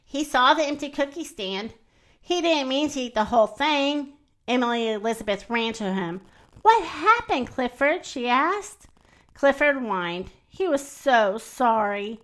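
A woman reading a children's storybook aloud, gentle and expressive, slowing down for emphasis. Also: fairly high pitch. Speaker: reader.

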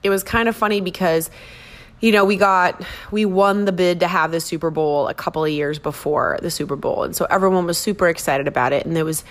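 Speaking a little fast in a steady, lower-pitched voice, this Minnesota podcast host rambles through casual conversation and pokes fun at herself on her own show.

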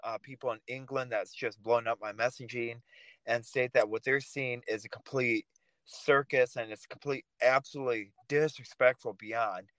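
A man's voice: medium pitch, moderate pace, no room sound, poor audio. Passionate man, dry close sound. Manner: passionate, animated, sarcastic at times. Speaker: podcast guest. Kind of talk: casual talk show discussion.

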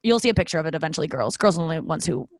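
This podcast host speaks from home to her dog in a low, animated voice at a very fast clip, captured as a dry recording. Her solo show is casual and self-deprecating, a chatty ramble packed with fillers and little acted-out asides.

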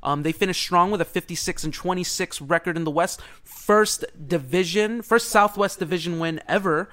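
A man co-hosting a casual sports podcast, excitable and rambling, laughing often. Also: sits high, normal speed. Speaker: podcast co-host.

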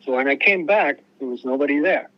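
A man's voice: fairly high pitch, fairly quick. Guy rambling through old tour stories, lots of restarts, kinda dull lo-fi sound. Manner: rambling, restarts a lot, acts out quoted voices. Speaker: musician guest. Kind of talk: casual storytelling interview.

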